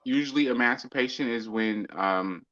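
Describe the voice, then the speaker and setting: A man with a bright, forceful voice talking casually, breaking in with reactions and then telling his own story with hesitant fillers. The sound is dull and lo-fi. His pitch sits in the middle. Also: moderate pace. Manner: casual, drops in short reactions and tells of his own past. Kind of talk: casual chat.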